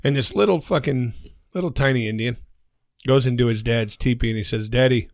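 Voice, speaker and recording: A man's voice: medium pitch, animated, brisk, vocal fry, darkish tone, no room sound, studio quality. Crude joke-telling Cincinnati man. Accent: Cincinnati, Ohio. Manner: loose, crude storytelling. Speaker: podcast co-host. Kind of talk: casual podcast joke-telling.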